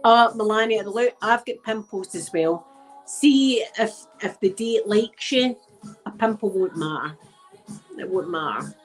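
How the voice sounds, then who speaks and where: A woman's voice: mid-range voice, expressive, measured pace, soft background music, rough recording. A Scottish woman who is a bit drunk, hosting a channel and chatting casually with viewers in a frank, rambling way. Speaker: ASMR channel host. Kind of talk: casual live chat with viewers.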